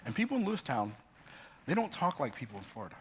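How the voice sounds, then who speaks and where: A man telling life stories in an emphatic, preacher-like motivational talk, building up and jumping into sudden high bursts. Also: sing-song, quick pace, slight background noise. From United States. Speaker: motivational speaker.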